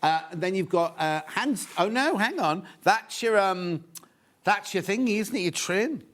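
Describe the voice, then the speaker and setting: A man hosting a live TV shopping show, chatty and excitable, with lots of asides. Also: sits high, a little slow. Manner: chatty and excitable, full of asides and sales counts. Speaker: shopping channel presenter. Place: TV studio.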